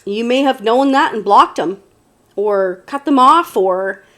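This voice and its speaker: Chatty higher-voiced woman reading tarot. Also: expressive, slow, bright, forceful tone. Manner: chatty, meandering, many fillers and restarts. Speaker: tarot reader. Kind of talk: casual tarot reading to camera.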